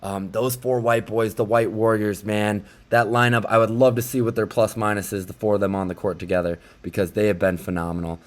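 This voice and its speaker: A young man casually recapping basketball highlights like an excited fan commentator. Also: a little fast, few pauses.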